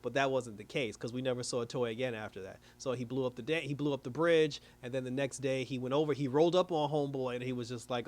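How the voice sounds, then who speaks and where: A man reviewing a TV episode in casual recap commentary, animated, laughing often and dropping his voice low to mimic characters. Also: fast talker. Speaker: TV show reviewer.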